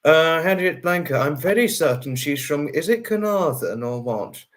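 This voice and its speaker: A man's voice: fairly high pitch, lively intonation, moderate pace. A man hosting a casual livestream, chatting with a guest and reading out viewer comments. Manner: chatty, repeats phrases, talks to chat viewers. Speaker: livestream host. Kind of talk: casual chat.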